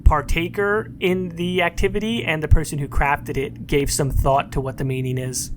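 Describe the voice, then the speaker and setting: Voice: mid-range voice, steady tone, moderate pace, noisy background. A podcast co-host talking through ideas thoughtfully in a casual chat. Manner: thoughtful, reflective.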